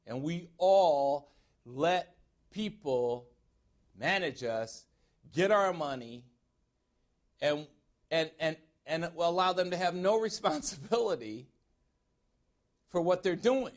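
A man's voice: a little high, animated, slow pace, long pauses. A middle-aged man from Chicago preaching a sermon as a pastor-teacher, emphatic and asking his congregation direct questions. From Chicago, USA.

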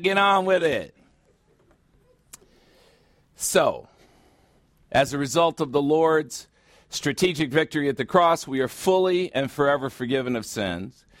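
A man's voice: a little high, a bit bright, no room sound. Blunt, sarcastic preacher man, dry sound. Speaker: pastor. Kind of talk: sermon.

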